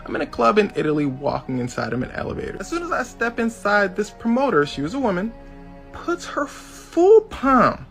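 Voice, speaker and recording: A man with a gravelly, rough-edged voice tells a comic story with wildly swinging pitch. He cusses freely and acts out the lines of the people in it. Faint music plays underneath. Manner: animated, cussing, acts out quotes.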